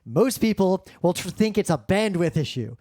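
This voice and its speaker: A high-pitched man with wide swings in pitch and a warm tone co-hosts a laid-back tech podcast, speaking at a moderate pace. He talks frankly about audio issues, swearing from time to time, during a remote session in his home studio using a professional studio mic, and the sound is dry.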